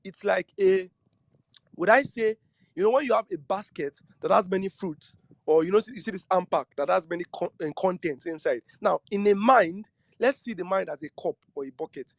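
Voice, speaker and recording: High-voiced man teaching trading. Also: moderate pace, creaky, dry recording. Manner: earnest, repeats and restarts phrases, asks the listeners questions. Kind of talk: lecture-style talk to trading students.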